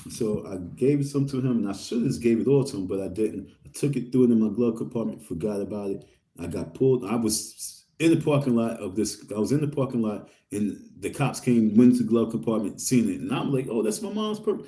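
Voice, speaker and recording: New guy from queens, real dark low-key tone, talks slangy and rambly, chatting to his viewers. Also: a little fast. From Queens, New York. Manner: streetwise slang, rambling, reads viewer comments. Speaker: vlogger. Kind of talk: casual storytelling to viewers.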